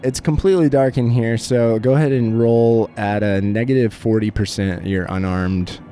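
A man's voice: fairly low pitch, steady tone, normal speed, warm tone, a little hiss or hum. A man narrating a tabletop horror game as game master, with vivid, playful description.

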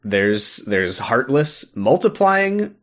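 A man co-hosting a podcast, casually recapping a video game with lots of fillers and quick laughs. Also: medium pitch, very animated, fairly bright tone. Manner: rambling, with many fillers, laughs and acted-out quotes. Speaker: podcast co-host.

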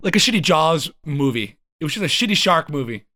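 Lively, blunt male podcast co-host. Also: a little high, dry recording, studio quality. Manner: blunt, quick to swear. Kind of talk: casual podcast chat.

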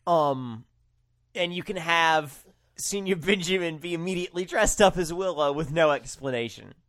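A man's voice: on the high side, moderate pace, a bit bright. A man co-hosting a casual podcast chat, easygoing and hedging, often laughing. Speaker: podcast co-host.

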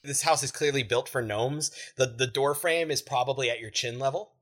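A man narrating a tabletop role-playing game as game master, describing scenes in a relaxed way. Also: medium pitch, moderate pace.

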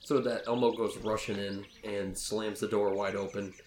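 A man's voice: on the low side, flat delivery, normal speed, darkish tone. A man narrating as game master for a tabletop game, describing scenes in a loose, jokey way with many fillers. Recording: echoey room, faint background noise.

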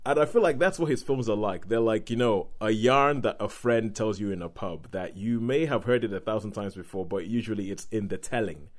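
A man's voice: fairly low pitch, animated, a little fast, hardly any pauses. A man hosting a casual film chat, asking guests questions and telling his own views at length. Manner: chatty, leads the talk with questions. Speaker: podcast host.

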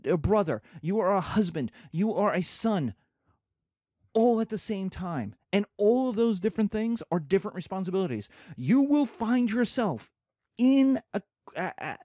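A man lectures students as a professor, asking and answering his own questions and acting out little scenes. His voice is high-pitched with big pitch swings, a darkish tone, and normal speed. The sound is clean studio audio with no room sound.

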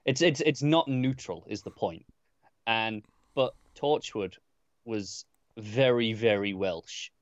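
A man chatting casually on a podcast, relaxed but halting as he repeats his words. The sound is a little dull and very dry. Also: lowish voice, no echo. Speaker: podcast co-host. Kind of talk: casual chat.

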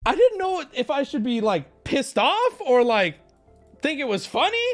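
A man hosting a livestream, telling a story to chat in a casual, animated way, swearing and breaking into yelling. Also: very high-pitched, a little slow, soft background music. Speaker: livestream host.

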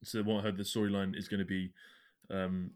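Young man, very low voice, hesitant casual gamer. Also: level tone, a little mellow. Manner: halting, many restarts and fillers. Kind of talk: casual gaming chat.

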